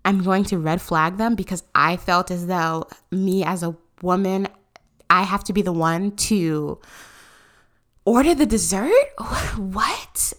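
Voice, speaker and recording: A young woman in her twenties hosts a solo podcast with a slightly low-pitched voice. She talks in a sarcastic, incredulous rant and keeps her delivery animated. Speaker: podcast host.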